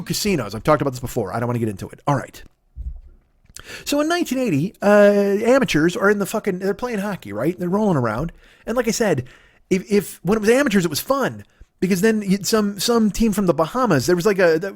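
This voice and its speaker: A man's voice: a little high, no room sound, clean studio sound. A middle-aged man, a comedian hosting his own podcast, ranting solo in a rambling, profane, argumentative way from home.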